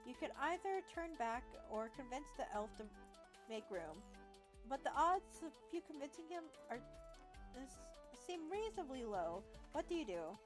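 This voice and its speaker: Over music, a woman hosts a gaming video, reading a text adventure aloud with playful, chatty commentary. Her high voice swings widely in pitch at a moderate pace. She says "lol" out loud and stumbles over words here and there as she reads.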